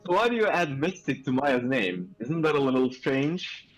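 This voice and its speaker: A stern, formal old matriarch who scolds politely and keeps addressing people as good sir, voiced by a man reading a game aloud. The voice sits mid-pitch. Light music plays softly behind. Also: big pitch swings, moderate pace, low-quality recording. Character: stern elderly female village matriarch.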